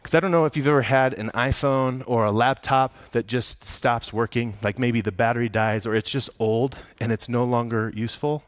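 A man preaches in a relaxed, conversational manner, mixing humor into his storytelling. His voice sits at a middle pitch. The recording is dry and close, with no room echo. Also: moderate pace, few pauses. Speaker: pastor. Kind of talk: sermon.

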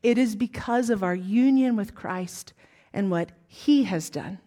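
A woman with a Southern US accent preaching a sermon, with emphatic rising lines and hushed, whispered asides. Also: mid-range voice, measured pace.

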